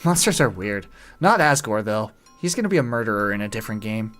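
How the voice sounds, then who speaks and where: A man's voice: on the low side, expressive, very fast, fairly bright tone. Man making chatty gameplay asides. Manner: chatty, laughing asides, filler "uh". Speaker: streamer, gamer. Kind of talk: casual gameplay commentary. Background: faint game music.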